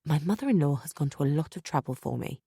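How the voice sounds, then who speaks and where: Female audiobook narrator, low register, dry studio sound, tense measured reading. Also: animated, mellow, slightly rough, dry recording. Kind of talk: first-person thriller narration.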